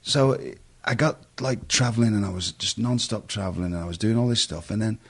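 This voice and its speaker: English man, middle-aged, very low husky voice, chatty rambling interview guest. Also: a little fast. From England. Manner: rambling, self-interrupting storyteller. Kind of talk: casual storytelling interview.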